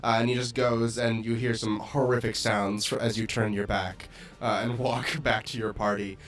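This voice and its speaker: A man's voice: mid-range voice, normal speed. Laid-back male game master. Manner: relaxed, laughs often. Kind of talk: narrating a tabletop game.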